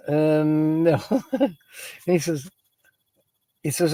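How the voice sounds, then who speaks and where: A man's voice: a little high, unhurried, gravelly, long pauses, mellow, dry recording, rough recording. A man hosting a livestream, reading word origins aloud, chatting casually, laughing often and greeting viewers by name. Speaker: livestream host.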